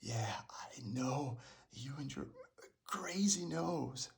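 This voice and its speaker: An allergic young woman hides in a closet, played by a woman in a whispered role-play, her hushed pleas slow and strained. Her voice has a gravelly edge over a bright, sharp tone. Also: on the low side, exaggerated voice.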